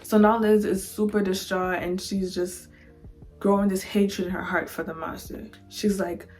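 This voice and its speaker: A woman vlogger telling a novel's plot in a casual storytime. She is animated and dramatic, and she slips into the characters' voices at a mid-range pitch. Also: moderate pace, faint music behind.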